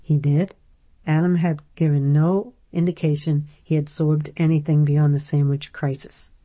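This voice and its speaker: A woman narrating an audiobook in a steady storytelling manner. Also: sits low, normal speed.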